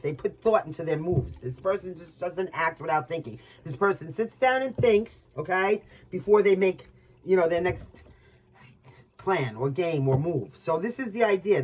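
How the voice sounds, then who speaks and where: A high-pitched man with a New York accent reads tarot in a loose, rambling monologue. He swears casually and gets openly emotional as he talks. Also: muffled recording. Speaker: tarot reader.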